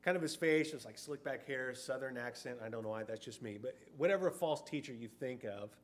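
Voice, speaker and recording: A man's voice: medium pitch, a little fast. A middle-aged man preaching a sermon in a conversational way, sometimes acting out short quoted voices.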